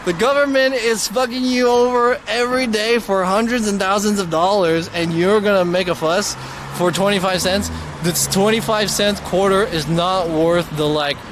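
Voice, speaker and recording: A young man streaming live, telling a story in a slangy, profane, animated way. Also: a little high. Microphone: mobile streaming mic. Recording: loud street and traffic noise.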